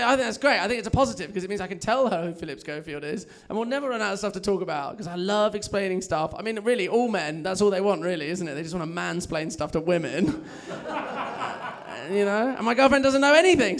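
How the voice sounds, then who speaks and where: A young English man doing stand-up, chatty and self-mocking, laughing at his own jokes in front of a club audience. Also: sits high. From England. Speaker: stand-up comedian. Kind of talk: stand-up set. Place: comedy club with a live audience.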